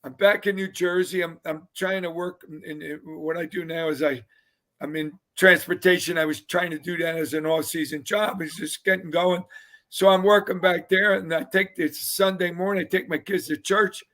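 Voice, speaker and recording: An older man, a retired football player, telling lively anecdotes as a guest on a casual fan show, often laughing and mimicking others. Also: high-pitched, moderate pace.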